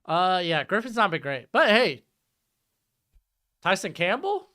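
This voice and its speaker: Male streamer, casual football watch-along, animated delivery, clean resonant tone. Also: sits high, measured pace. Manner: chatty, jumps between game calls and chat replies. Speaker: live streamer reading chat.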